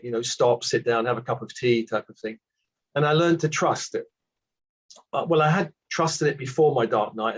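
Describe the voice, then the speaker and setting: Older british guy, husky voice, muffled lo-fi sound, chatty and self-deprecating. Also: mid-range voice. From Britain. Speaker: award recipient guest. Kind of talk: reflective casual conversation. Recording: dull muffled lo-fi audio.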